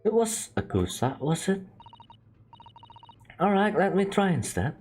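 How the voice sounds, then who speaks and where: Animated, giggly male streamer. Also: high voice, measured pace, long pauses, husky. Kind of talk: casual game commentary.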